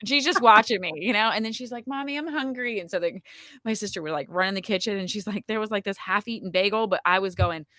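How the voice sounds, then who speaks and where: A woman with a bright, clear voice tells a personal story in a relaxed podcast chat. She is animated and talkative and fills her sentences with "like" and "um". The sound is close and dry. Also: medium pitch, fast talker, dry recording. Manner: chatty, frequent "like" and "um" fillers, animated retelling. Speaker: podcast guest telling her birth story. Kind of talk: casual conversational storytelling.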